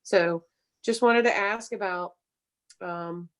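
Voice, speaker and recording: A woman's voice: medium pitch, takes it slowly. A woman on a city council asking conversational questions at a budget hearing.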